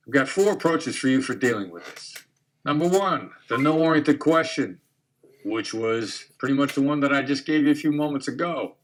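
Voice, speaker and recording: A man giving a calm, measured instructional talk on negotiation, demonstrating his tones of voice as he explains. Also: medium pitch.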